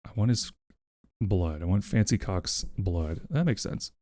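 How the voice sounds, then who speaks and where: A man with a fairly low voice, chatting loosely with his viewers on a live stream. He rambles, swears casually and gushes his thanks. The sound is dry and close, with no room around it. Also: lively intonation, measured pace, dark tone, dry recording. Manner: rambling, profane and effusively thankful.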